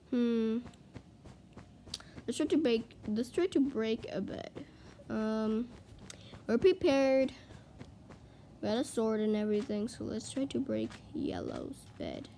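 With a slightly high, darkish voice and a bit of hiss or hum in the audio, this woman gives live commentary while playing a video game. A gaming video creator, she's chatty and easily rattled, breaking into frantic panic when things go wrong.

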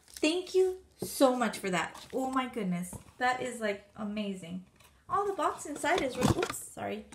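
A woman vlogger unboxing a gift package, gushing and gasping with excitement. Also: sits high, noisy background.

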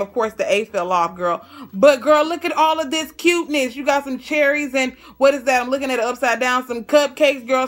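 A woman vlogger chatting casually while opening fan mail, excitable and stumbling over her words, calling viewers girl and y'all. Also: a little high. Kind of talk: casual chat.

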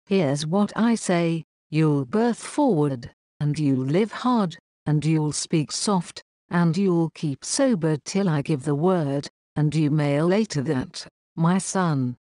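A woman voicing a scheming, smooth-talking old male pirate cook, in folksy sailor's talk, read as an audiobook. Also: low voice, animated, takes it slowly, few pauses, warm tone, no room sound, clean studio sound. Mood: scolding. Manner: folksy sailor's dialect, scolding and persuasive. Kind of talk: audiobook reading.

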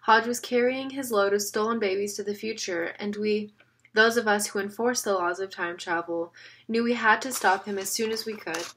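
A woman's voice: medium pitch, fairly even intonation, normal speed, fairly bright tone, lightly acted. A woman reading the lines of an earnest man who patiently explains things. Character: earnest serious man, time-law enforcer. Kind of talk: audiobook reading.

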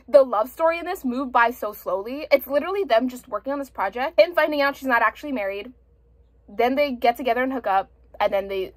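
A woman's voice: on the high side, no echo. A young woman reviewing a book in a casual vlog, ranting with exasperation and frequent swearing.

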